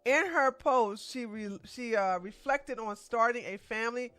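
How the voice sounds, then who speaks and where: A woman delivering opinionated celebrity commentary in a blunt, scolding way. Her voice is bright and forceful, recorded close and dry with faint music underneath. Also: a little high, a little slow, no echo. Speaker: commentary channel host.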